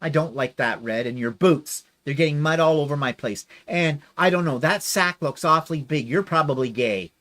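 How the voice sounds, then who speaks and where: A man's voice: fairly high pitch, normal speed, hardly any pauses, fairly bright tone, close to an everyday voice. A man mimicking a fussy woman who complains and nitpicks in a whiny tone. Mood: griping.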